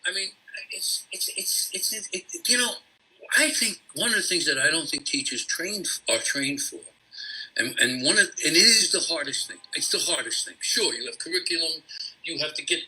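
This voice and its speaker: A man who once taught, telling an emotional personal story as an interview guest, halting and restarting as he talks. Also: on the high side, expressive, pushed and bright, husky, poor audio. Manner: halting, with many restarts and repeats. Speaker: interview guest, former teacher.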